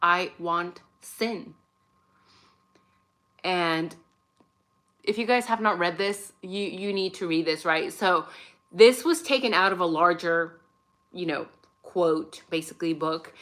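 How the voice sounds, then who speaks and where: A woman hosts her own channel, offering casual opinion commentary in a loose, conversational way and ending her points with "right?". Her voice is lowish and a bit bright, and she speaks a little slowly.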